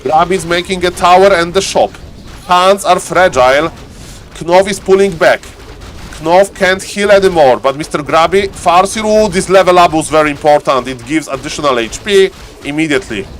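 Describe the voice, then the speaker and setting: A man giving live game commentary as the caster, excitable and laughing often, repeating set phrases. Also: on the high side, moderate pace, soft background music. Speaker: esports caster.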